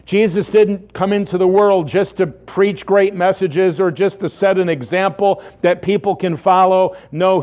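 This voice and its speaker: A man delivers a sermon in an unhurried, measured way. His voice sits somewhat high for a man, and he leans on emphatic rhetorical questions. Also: darkish tone. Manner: earnest preaching with rhetorical questions. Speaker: pastor.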